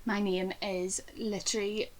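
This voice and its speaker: A young Northern Irish woman in her twenties, chatting as a podcast co-host. Her voice sits at an ordinary middle pitch, and she rambles through stories with plenty of fillers and asides. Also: level tone, a little slow. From Northern Ireland. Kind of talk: casual chat.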